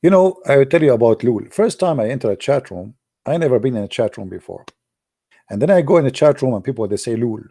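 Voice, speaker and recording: Arab guy with a thick accent, gravelly dark voice, rambly broken english, squeaks up high on punchlines. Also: fast talker. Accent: Arabic. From Arab world. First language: Arabic. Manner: broken English, jumps to high excited pitch for punchlines, laughs at his own stories. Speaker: speaker telling personal stories. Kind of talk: animated storytelling monologue.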